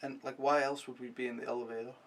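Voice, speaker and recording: A man's voice: mid-range voice, flat delivery, fast talker, distant mic. A young man vlogging a casual, rambling recap, mocking himself and swearing freely.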